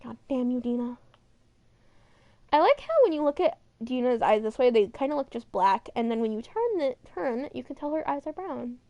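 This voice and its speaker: A woman's voice: sits high, lively intonation, normal speed, mellow, dry recording, lo-fi sound. A young woman streaming, chatting casually and rambling as she looks through game models, with some swearing. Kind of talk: casual chat over a model viewer.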